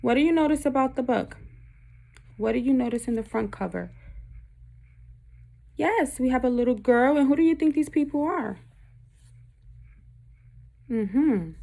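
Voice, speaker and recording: A woman's voice: high-pitched, creaky, a little mellow. A woman from Puerto Rico, a teacher reading a picture book aloud to her class and stopping often to ask the children questions.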